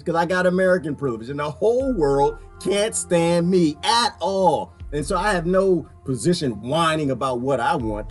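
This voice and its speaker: A man from Washington, D.C. giving an animated, ranting commentary, laughing often as he reacts to clips. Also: on the high side. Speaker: political commentary vlogger.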